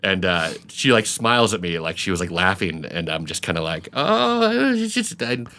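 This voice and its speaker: A man's voice: deep voice, a little fast. A man co-hosting a podcast, telling a road-trip story in casual chat, laughing often and acting out what people said. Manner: animated, laughs often, acts out quoted voices. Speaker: podcast co-host.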